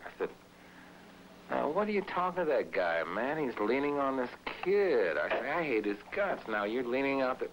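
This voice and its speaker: In a low-quality recording with a little hiss or hum, a writer filmed at home tells a rambling, profane story in slangy talk. His medium-pitched voice is gruff, with big pitch swings at a moderate pace, and he acts out the voices of the people involved.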